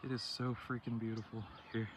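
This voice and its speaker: A man vlogs casually while hiking an outdoor trail, rambling in a laid-back, slang-heavy way. His voice is lowish and a little fast with little pitch movement, and the outdoor recording is noisy.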